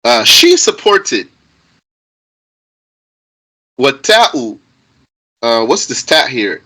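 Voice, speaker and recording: A man teaching grammar to a live class, slow and lively in pitch, often repeating himself for emphasis. His tone is bright with a slightly husky edge. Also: rough recording. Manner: patient, repeats key points, emphatic stress.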